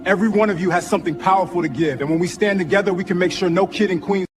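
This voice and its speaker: An actor playing an ambitious politician delivering a rousing public speech. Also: male voice, high voice, fairly even intonation, rapid-fire, breathy edge. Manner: rousing, oratorical.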